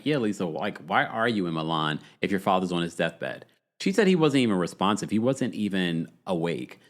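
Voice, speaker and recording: A man hosting a reality TV recap show in casual chat, reading viewer comments aloud and reacting with lively, swooping enthusiasm. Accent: New York. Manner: animated, swings up high when amused. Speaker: podcast host.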